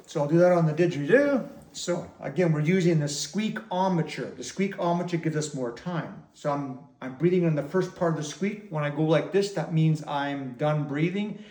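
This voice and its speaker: A man's voice: fairly high pitch, normal speed, a little mellow, roomy sound. A man teaching didgeridoo, patiently explaining circular breathing step by step. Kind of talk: instructional demonstration.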